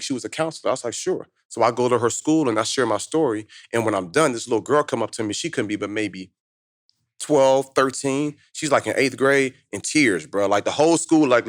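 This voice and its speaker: Brief: man, 30s, motivational speaker, rapid animated storytelling, dry close sound. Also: medium pitch, dry recording. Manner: fast, animated street-slang storytelling. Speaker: motivational speaker, podcast guest. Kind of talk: storytelling in casual conversation.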